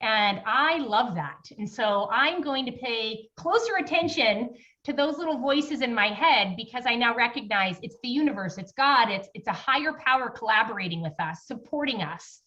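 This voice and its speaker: A woman guest on a podcast telling her story in an earnest, relaxed, conversational way. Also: on the high side, moderate pace. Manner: recounts events by acting out dialogue. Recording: distant, dull lo-fi mic.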